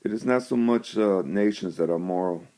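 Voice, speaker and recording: A man telling a story and then preaching on scripture, in a slow and deliberate way. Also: low voice, dark tone. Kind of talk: storytelling devotional.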